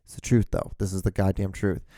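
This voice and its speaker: A man's voice: deep voice, brisk, creaky, mellow, no room sound, clean studio sound. A man in his thirties hosting a podcast alone, rambling casually with lots of fillers, restarts and swearing. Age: 30s. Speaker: podcast host.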